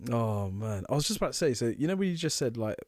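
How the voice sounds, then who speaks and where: A man co-hosting a podcast, telling animated stories and laughing often. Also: medium pitch, quick pace, no room sound, clean studio sound. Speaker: podcast co-host. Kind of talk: casual chat.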